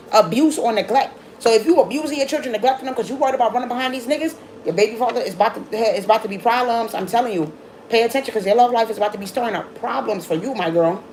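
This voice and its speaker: A woman's voice: on the high side, darkish tone, a little hiss or hum, low-quality recording. A woman giving a casual tarot reading, blunt and scolding, swearing freely and repeating herself as she talks. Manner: repeats herself, quick restarts. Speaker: tarot reader.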